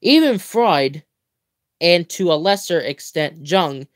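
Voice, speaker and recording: A young man reads a comic book aloud on a livestream at an unhurried pace, playful and theatrical. He stretches words out, stumbles and corrects himself, and breaks off into chatty asides before going back to the page. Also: fairly high pitch, expressive. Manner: playful, theatrical reading with mock-grand exclamations. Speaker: livestream host.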